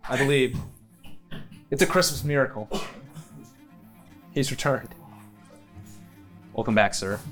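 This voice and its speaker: A man running a tabletop game as game master, narrating in an animated, laughing way. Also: medium pitch, slow pace, long pauses, soft background music.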